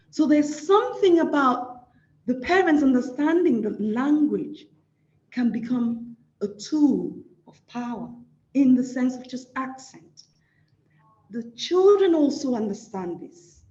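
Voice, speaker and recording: Nigerian lady lecturing, emphatic, repeats herself for stress, high voice that swings a lot, echoey room. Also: a little mellow, lo-fi sound. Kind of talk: award lecture.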